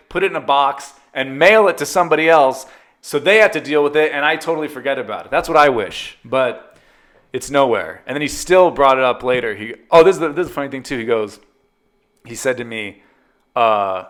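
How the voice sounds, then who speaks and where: A man hosting his own podcast, telling a funny personal story in a casual monologue and jumping into loud, exasperated retellings of conversations. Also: medium pitch, normal speed. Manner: animated, jumps into loud exasperated retellings of dialogue. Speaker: podcast host.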